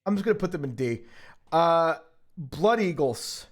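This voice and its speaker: A male streamer in casual livestream chat, rambling and profane as he gets excited. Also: fairly high pitch, measured pace.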